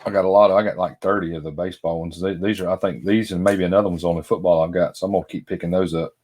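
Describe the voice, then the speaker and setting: A man's voice: deep voice, steady tone, very fast, darkish tone. A middle-aged man, chatting casually and rambling to viewers by name as he unboxes toys. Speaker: vlogger. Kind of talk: casual chat while unboxing.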